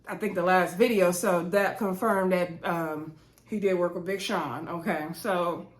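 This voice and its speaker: A woman's voice: on the low side, fairly even intonation, a little slow. A woman hosting a casual reality show recap, chatting directly to her viewers. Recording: roomy echo.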